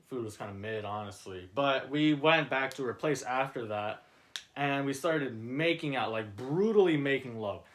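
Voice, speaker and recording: A man's voice: on the high side, fairly bright tone. Rambling, mock-dramatic young man storyteller. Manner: frequent self-corrections and restarts. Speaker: storyteller reading his own script. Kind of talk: casual comic storytelling.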